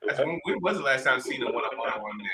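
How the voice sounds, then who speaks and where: A man chatting casually, hesitating as he searches for his words. His tone is very bright and sharp, and a faint noise sits behind him. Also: mid-range voice, expressive, quick pace. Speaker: podcast co-host. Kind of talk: casual chat.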